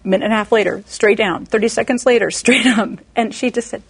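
A woman delivers a sermon built around a lively personal story. Her voice is fairly high and husky, and she throws herself into the quoted voices with big jumps in pitch. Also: a little fast, hardly any pauses. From Texas, USA. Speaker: preacher.

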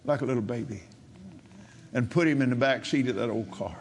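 An older man preaching, telling a story in a halting way with repeated words, then rising to loud, emphatic preaching. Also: mid-range voice, gravelly, a little hiss or hum. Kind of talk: sermon storytelling.

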